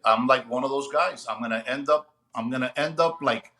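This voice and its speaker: A man's voice: medium pitch, normal speed, few pauses. A man, a retired police sergeant, telling a funny story and acting out the dialogue as he goes. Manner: animated, acts out dialogue. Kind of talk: casual storytelling. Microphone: remote call.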